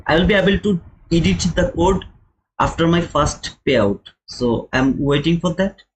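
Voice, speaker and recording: Young male streamer, non-native English accent, slightly high voice, chatty teacher who repeats himself. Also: expressive, normal speed, a little hiss or hum, poor audio. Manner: chatty, addresses viewers as brother; explains chart step by step, repeats key points. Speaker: day-trading streamer. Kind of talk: live trading commentary.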